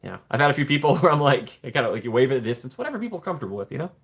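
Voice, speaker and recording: A man hosting a casual live stream, chatting warmly with viewers and greeting them by name from the chat. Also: medium pitch, very fast, gravelly, slightly rough. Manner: playful put-on excited voices when joking. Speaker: livestream host reading chat.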